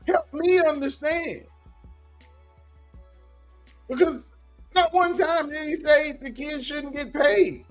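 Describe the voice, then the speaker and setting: A man's voice: extremely high pitch, slow, soft background music. A man hosting a reaction commentary video, pressing again and again with incredulous rhetorical questions.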